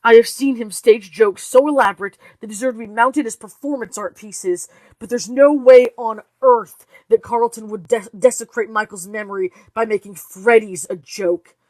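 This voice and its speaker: A woman reading the part of a tense mother near breaking, speaking in a clipped, intense voice that rises in pitch and volume. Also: moderate pace, hardly any pauses, darkish tone, no echo, natural voice. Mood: furious. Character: tense, grieving mother raising her voice.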